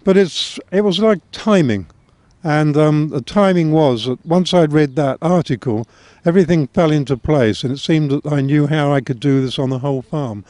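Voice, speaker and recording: An older man with a blend of English and Australian accent, telling his life story in a gentle, wry interview manner. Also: on the high side, normal speed, no room sound. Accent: mixed English and Australian. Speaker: guest author. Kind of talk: reflective interview talk.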